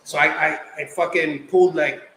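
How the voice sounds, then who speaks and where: A young man from the Philippines, a guest artist telling stories in casual chat, animated and slangy. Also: fairly high pitch, moderate pace. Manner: animated, slangy, acts out quotes. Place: podcast studio. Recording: roomy echo, faint background noise.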